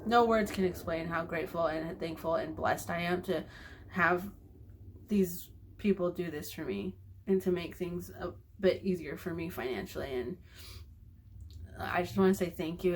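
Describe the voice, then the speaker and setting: A woman's voice: fairly low pitch, fairly even intonation, normal speed, a little hiss or hum. A young woman talking in a personal video diary, emotional and grateful, rambling with fillers. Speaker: vlogger.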